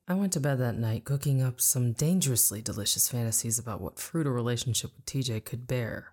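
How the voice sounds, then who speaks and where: A woman with a strikingly deep voice reads her memoir aloud as an audiobook. Her storytelling is wry and dramatic. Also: a little mellow. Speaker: narrator.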